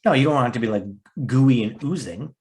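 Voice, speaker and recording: A man's voice: medium pitch, animated, brisk, darkish tone. A young man co-hosting a podcast in casual chat, playful and insistent. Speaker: podcast co-host.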